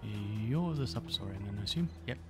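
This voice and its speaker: A man's voice: lowish voice, expressive, brisk, close to an everyday voice. Man doing an impatient young guy, exasperated, casual slang, music underneath.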